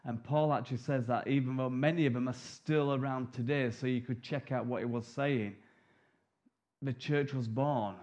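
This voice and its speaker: A middle-aged man preaching a sermon, telling the story vividly and acting out the disciples' lines in quick asides. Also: medium pitch, fairly even intonation, a little mellow.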